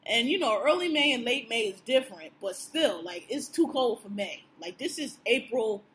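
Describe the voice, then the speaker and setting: A woman co-hosting a casual podcast, telling stories with lots of swearing and animated emphasis. Her voice sits a little higher than most. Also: normal speed. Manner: profane, animated storytelling. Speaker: podcast co-host. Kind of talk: casual chat.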